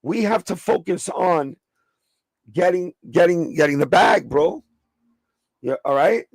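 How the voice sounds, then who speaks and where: Gravelly New York man, sneaker livestream. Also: high-pitched, animated, measured pace, dry recording. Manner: profane, streetwise, chatting with live viewers. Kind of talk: casual livestream chat.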